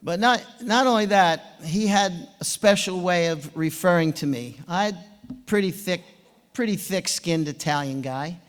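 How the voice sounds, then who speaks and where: An animated older man in his seventies spins anecdotes in a fairly high voice, chuckling as he goes. His speech sounds from a large conference hall with a long reverb trailing each phrase. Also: measured pace. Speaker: swim coach giving induction speech.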